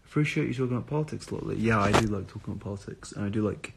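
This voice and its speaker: A young man rambles through a casual live stream, reading out viewer comments, answering them, and swearing offhandedly. His low, gravelly voice comes rapid-fire over very noisy audio, and he sounds tired from being up at odd hours.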